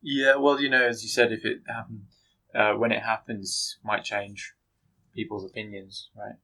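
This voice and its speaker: A man's voice: fairly low pitch, little pitch movement, moderate pace, creaky, pushed and bright, low-quality recording. A young British man on a casual podcast with friends, asking questions and giving short, unsure answers. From United Kingdom. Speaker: podcast co-host. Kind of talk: casual chat among friends.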